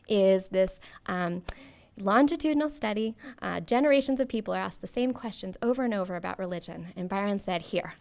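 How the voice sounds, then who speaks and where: A woman's voice: mid-range voice, creaky. Chatty woman host with frequent ums. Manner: warm, self-deprecating, many ums. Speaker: event host introducing a speaker. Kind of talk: lecture introduction read from notes. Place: lecture hall at a podium.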